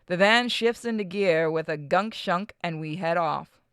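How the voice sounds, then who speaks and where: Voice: mid-range voice, measured pace, fairly bright tone, smooth, no room sound, studio quality. A gaming channel host with a New York accent, casually chatting and reading a visual novel aloud, swearing freely.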